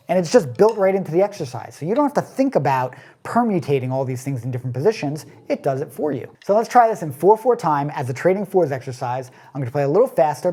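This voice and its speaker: A man teaching a drum lesson, explaining step by step in a casual way and counting beats aloud. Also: a little high. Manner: relaxed, casual phrasing.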